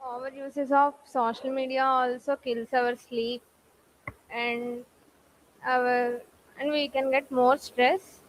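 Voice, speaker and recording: Slow, high-pitched young Indian woman. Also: little pitch movement, slight background noise, low-quality recording. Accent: Indian English. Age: young adult. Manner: hesitant, halting. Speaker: student. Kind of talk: group discussion practice.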